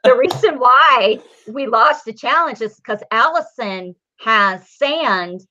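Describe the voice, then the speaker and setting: A woman in her forties hosting a casual comedy podcast, crude and animated, with a dull lo-fi sound. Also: fairly high pitch, takes it slowly. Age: 40s. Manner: loud, crude, animated storytelling. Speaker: podcast host.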